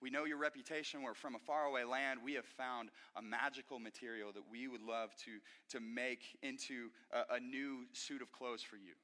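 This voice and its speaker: A man voicing a flattering swindler as he retells a fairy tale in a sermon, dropping his voice low and coaxing. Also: moderate pace, few pauses, close to an everyday voice. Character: two smooth-talking male swindlers, flattering.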